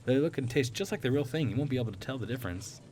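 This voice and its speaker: A man voicing a cheerful young woman who cooks for her housemates, in a bright, reassuring tone. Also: medium pitch, expressive, racing, background noise, close to an everyday voice.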